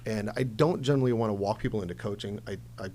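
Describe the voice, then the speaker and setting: A man's voice: on the low side, quick pace, dark tone, slight background noise. A man in his forties, an entrepreneur guest talking candidly and emphatically in a casual interview. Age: 40s.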